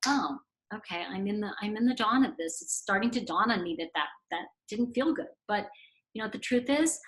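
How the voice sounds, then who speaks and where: A woman's voice: medium pitch, poor audio. A woman giving a casual spiritual lesson, talking conversationally and acting out bits of dialogue with emphatic swings. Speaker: spiritual teacher and oracle card author. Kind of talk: casual teaching talk.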